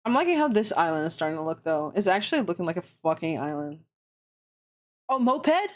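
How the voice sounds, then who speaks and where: A woman's voice: fairly low pitch, sing-song, fairly quick. A woman streaming, chatting casually and ranting with heavy swearing. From Canada. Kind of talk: casual chat.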